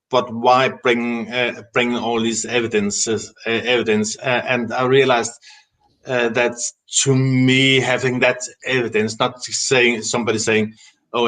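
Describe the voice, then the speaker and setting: A man reflecting on his beliefs as a guest in a casual talk. His delivery is halting and full of hesitations, and his pitch stays fairly flat and steady. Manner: halting, many fillers and restarts, reflective. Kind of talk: casual spiritual discussion.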